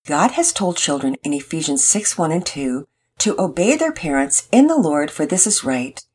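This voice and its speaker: A woman's voice: deep voice, sing-song, moderate pace, darkish tone, breathy edge, exaggerated voice. A woman voicing a patient but unbending mother in a children's story, coaxing and firm.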